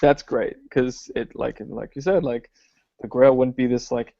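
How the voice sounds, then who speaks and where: A man's voice: mid-range voice, steady tone, a little slow, gravelly, warm tone, dry recording. A man co-hosting a podcast, thinking aloud in a hesitant way with many fillers while discussing films. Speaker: podcast co-host. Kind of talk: casual film discussion chat. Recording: dry, dull lo-fi podcast audio.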